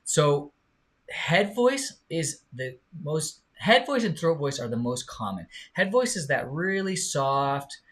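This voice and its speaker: This live online singing teacher is a man whose voice is on the high side, sing-song and a bit bright. He's slow and drawn-out as he encourages his students, demonstrating by singing.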